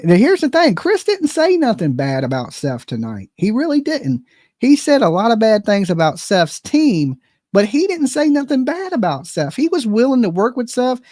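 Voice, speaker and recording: A man's voice: very high voice, huge pitch swings, normal speed, a little mellow, no echo, clean studio sound. A man hosting a live commentary stream, ranting bluntly and profanely at the people he talks about. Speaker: livestream commentary host.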